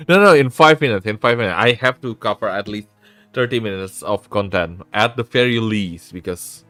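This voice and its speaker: A man's voice: fairly low pitch, a bit bright, no echo. A man with a sore throat, hosting a casual live stream, rambling and often interrupting himself. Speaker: VTuber streamer and host.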